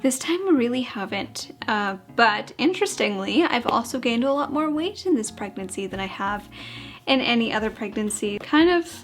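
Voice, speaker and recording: A woman's voice: a little high, animated, moderate pace. A young woman vlogger talking candidly about her pregnancy, a little out of breath, chatty and open with small fillers and laughs. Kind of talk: casual pregnancy update vlog.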